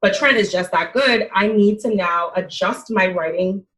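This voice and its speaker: A woman's voice: mid-range voice, moderate pace, fairly bright tone. A woman on a podcast panel, thoughtfully reasoning her view aloud. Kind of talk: casual group discussion. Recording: echoey room.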